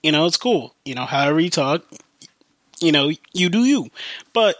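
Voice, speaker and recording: Young male podcast host, casual rambling storyteller, slightly high voice, dry close sound. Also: big pitch swings, normal speed, fairly bright tone, no echo. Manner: rambling, heavy use of fillers like "like" and "you know".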